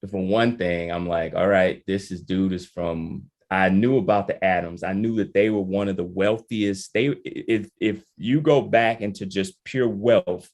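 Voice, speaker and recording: A man's voice: sits low, a little mellow. A man from Michigan, a family historian and podcast guest, telling a story with animation and acting out the voices he quotes.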